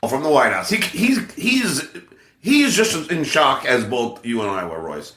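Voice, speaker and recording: A man's voice: medium pitch, measured pace, echoey room. A man, a comedian hosting a podcast, telling a story in casual chat with lots of stammered restarts. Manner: animated, stammering, restarts a lot.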